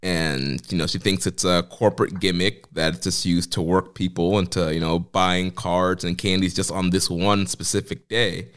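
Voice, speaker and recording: A man chatting casually on a podcast, talking in a relaxed, measured way. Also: low voice, clean tone.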